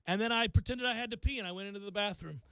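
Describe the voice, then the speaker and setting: High bright-voiced man telling a story. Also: racing, smooth, no echo. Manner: self-deprecating, animated, acts out quotes. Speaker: radio show host. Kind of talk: casual radio storytelling.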